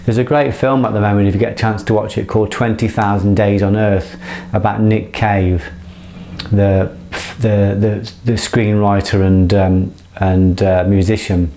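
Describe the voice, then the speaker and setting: A man's voice: lowish voice, flat delivery, moderate pace, warm tone, a little hiss or hum. A middle-aged man giving an impassioned motivational monologue, earnest, swearing freely and rambling with restarts. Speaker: motivational speaker.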